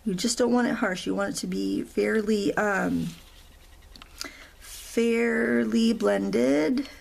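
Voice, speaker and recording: Chatty middle-aged woman with vocal fry. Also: medium pitch, steady tone, moderate pace. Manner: chatty, rambling, with self-deprecating asides. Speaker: craft tutorial host. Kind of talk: real-time coloring tutorial.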